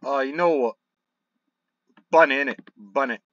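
A young man commentating on a football management game, frustrated and excitable, muttering one moment and shouting the next. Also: medium pitch, moderate pace, long pauses, dull audio. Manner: frustrated, excitable, swings between muttering and outbursts. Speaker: gaming YouTuber.

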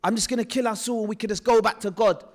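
A man putting on a poor, worn-out mother who pleads and sighs through hard times, her voice fairly high. The words ring out with a long tail of reverb from a large hall. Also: steady tone, fast, lightly acted. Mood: despairing. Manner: pleading, tired.

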